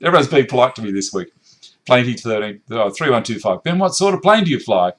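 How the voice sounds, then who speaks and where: A middle-aged Australian man hosts a woodworking live-stream from his home workshop, easygoing and jokey as he reads viewer comments aloud and chats. His voice is mid-range, a bit bright and sing-song, and he talks fast.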